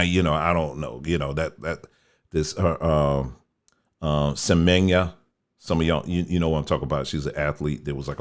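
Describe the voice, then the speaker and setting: A deep-voiced male host gives casual, folksy commentary on pictures shown on screen. He keeps things conversational and mocks others by putting on quoted voices.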